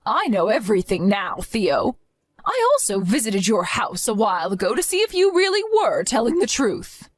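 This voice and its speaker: A woman's voice: mid-range voice, very animated, normal speed, no room sound. Stern older grandmother played by a woman, scolding and demanding, dry close sound. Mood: angry. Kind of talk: scripted story acting.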